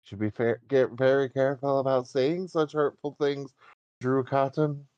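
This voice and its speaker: A man's voice: medium pitch, steady tone, normal speed, darkish tone, clear, resonant tone, lo-fi sound. A man co-hosting a casual gaming podcast, teasing and arguing his points. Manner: argumentative, teasing. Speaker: podcast co-host.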